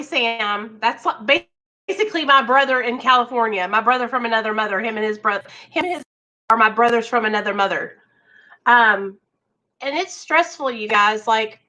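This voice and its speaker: Hosting a recovery livestream, a woman speaks straight to her viewers in an earnest, reassuring way. Her voice sits on the high side, bright and forceful, and the audio is poor.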